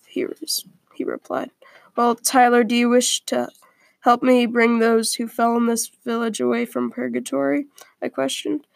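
A woman reads a first-person story aloud in a quiet, earnest way, now and then stumbling over a word. Her voice sits a little high and carries a gravelly fry. The sound is dry and close, with no room echo. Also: unhurried.

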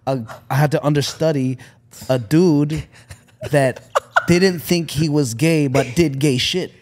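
A man's voice: a little high, unhurried, background noise. A man, a comedian guest chatting casually on a podcast and slipping into voices. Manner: animated, jumps into impressions.

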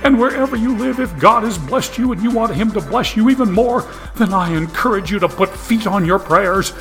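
Man doing a fervent televangelist, high pleading voice, tearful, faint music underneath. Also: moderate pace, fairly bright tone, natural voice. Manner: preachy, rising fervor, pleading. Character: fervent male TV preacher, tearful, pleading for donations.

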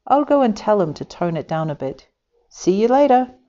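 A woman's voice: medium pitch, sing-song, normal speed, dark tone, muffled recording, voice pushed up, lightly acted. A woman voicing a friendly little male kakapo chick who chats apologetically. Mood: apologetic. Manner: chatty, apologetic.

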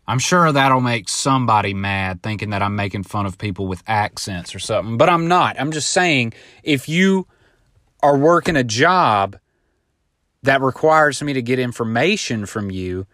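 A man in his thirties talks alone into a close microphone, and the sound is dry with almost no room. He rambles through stories in a casual podcast style, swearing freely and putting on other people's voices when he quotes them. His pitch sits in an ordinary middle range. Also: lively intonation, measured pace, pauses often, fairly bright tone, no room sound. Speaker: podcast host. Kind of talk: casual solo podcast monologue. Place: home, now living in Southern California.

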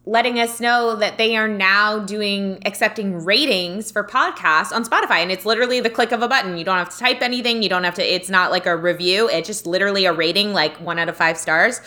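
Woman podcast cohost, bright voice, chatty and laughy. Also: medium pitch, a little fast, hardly any pauses. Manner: chatty storyteller, laughs often. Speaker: podcast co-host. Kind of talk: casual chat.

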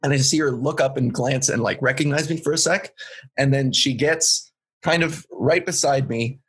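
Husky young Canadian man. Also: mid-range voice, moderate pace, a bit bright. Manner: laid-back, laughs often, says "like" a lot. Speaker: comedian guest. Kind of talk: casual storytelling chat.

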